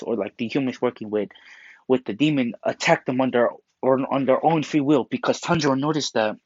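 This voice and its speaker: A man rambles through a story in casual speech, full of restarts and fillers. His voice sits at a middle pitch. The recording is muffled and lo-fi, with no room echo.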